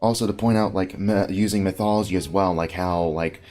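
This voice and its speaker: A man's voice: sits low, steady tone, brisk, a little mellow, soft background music. A man hosting a casual podcast chat, rambling with lots of fillers and restarts. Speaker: podcast host.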